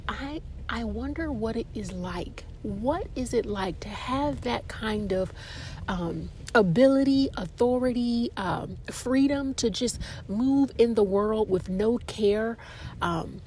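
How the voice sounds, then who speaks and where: A woman hosting a casual podcast, telling a story in an animated, dramatic way. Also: a little hiss or hum. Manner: animated and dramatic, with expressive pitch jumps. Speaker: podcast host.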